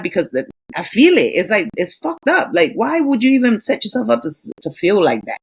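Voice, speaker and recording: A woman's voice: medium pitch, sing-song, a little fast, hardly any pauses, husky. A woman in her thirties co-hosting a podcast, ranting in a casual, profane way with acted quotes. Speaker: podcast co-host. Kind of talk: casual chat.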